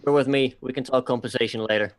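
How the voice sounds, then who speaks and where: A man's voice: medium pitch, steady tone, quick pace, no room sound. Firm-voiced male player in character. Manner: firm, terse. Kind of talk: in-character tabletop role-play.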